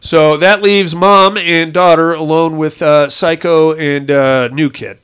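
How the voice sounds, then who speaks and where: A man chatting loosely about a movie, slipping into voices for each character as he retells the scenes. His voice sits a touch higher than most men's. The tone stays casual and crude throughout. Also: slow, clean tone. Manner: animated retelling, acts out characters' lines in shifting voices. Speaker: podcast co-host recapping a movie. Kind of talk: casual profane chat.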